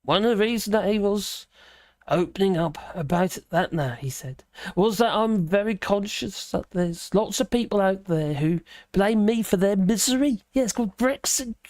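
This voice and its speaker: A woman reads a news piece aloud, stopping again and again to mock it with sarcastic asides. She rambles, hesitates and fills gaps with "uh", and her voice is set at a middling pitch. The recording is dry, with no room echo. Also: moderate pace, darkish tone. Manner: sarcastic, mocking asides between read passages; rambling with many fillers and hesitations. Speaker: livestream host. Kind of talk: reading a news article aloud with commentary.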